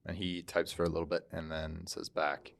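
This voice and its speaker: A man narrating a tabletop game as game master, calmly describing scenes. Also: low-pitched, normal speed, vocal fry.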